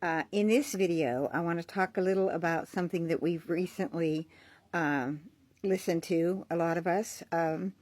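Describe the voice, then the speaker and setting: A woman's voice: fairly low pitch, moderate pace, a little mellow, no echo. A woman talking casually to her viewers, explaining with fillers and frequent check-ins. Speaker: social media creator.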